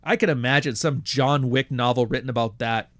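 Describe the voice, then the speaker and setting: A man's voice: mid-range voice, brisk, a bit bright, no room sound. Profane sardonic man on a podcast. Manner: profane, sardonic storytelling with mocking quoted voices. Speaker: podcast host. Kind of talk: casual monologue.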